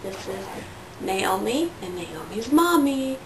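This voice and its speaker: A woman reading a picture book aloud to her toddler in a slow, sing-song storytelling voice. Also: medium pitch, sing-song, far from the mic. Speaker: parent reading to her child. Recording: roomy sound from away from the mic, faint noise.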